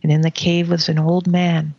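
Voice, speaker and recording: A woman telling a personal spiritual story in a soft, unhurried way during a conversation. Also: fairly low pitch, flat delivery, no echo, lo-fi sound.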